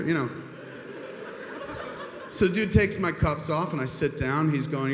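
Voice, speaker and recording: A man telling a long comedic story on a live stage, rambling, profane and animated. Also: a little high, unhurried, pauses often, reverberant, in a large hall, slight background noise.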